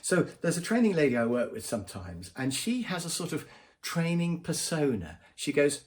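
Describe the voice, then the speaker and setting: A man's voice: a little high, sing-song, moderate pace. A man, a business trainer, giving advice straight to camera in a conversational way. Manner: conversational, acts out quoted voices. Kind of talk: direct-to-camera advice vlog.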